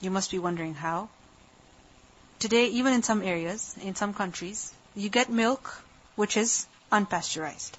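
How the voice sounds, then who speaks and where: A woman's voice: medium pitch, moderate pace. A woman giving a scripture lesson, asking her class questions and answering them herself, moving between recited verses and English explanation. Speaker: Quran teacher. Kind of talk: tafseer lecture. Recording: muffled lo-fi lecture recording.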